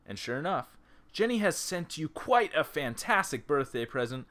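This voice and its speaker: A man reads an interactive story game aloud and keeps breaking off into joking side comments. His voice is bright and forceful, recorded on a laptop's built-in mic. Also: on the high side, very animated, normal speed. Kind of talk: reading a text game aloud with joking asides.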